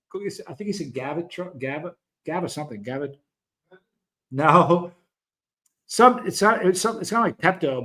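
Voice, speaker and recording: A middle-aged man with a slightly higher than usual voice tells a rambling story on a casual live stream. He talks straight to his viewers and keeps breaking off into chatty asides. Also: a bit bright. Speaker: hot sauce show host.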